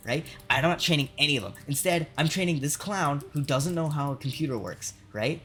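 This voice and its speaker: A man's voice: medium pitch, lively intonation, brisk, hardly any pauses, pushed and bright, soft background music. A male streamer venting about work while playing a game, swearing a lot and tagging sentences with "right?". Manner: profane ranting, constant "right?".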